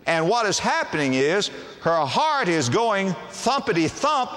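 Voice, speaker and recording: A male pastor delivering a sermon, his voice swinging widely up and down in pitch as he poses rhetorical questions. The sound carries the long reverb of a large hall. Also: big pitch swings, measured pace, few pauses, a bit bright.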